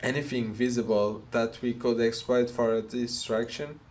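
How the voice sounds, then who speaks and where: Man voicing a gruff, swearing mobster. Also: medium pitch, fairly even intonation, normal speed, darkish tone, close to an everyday voice. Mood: questioning. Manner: blunt, scolding, swears. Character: gruff tough older mobster man, protective. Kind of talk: reading game dialogue aloud.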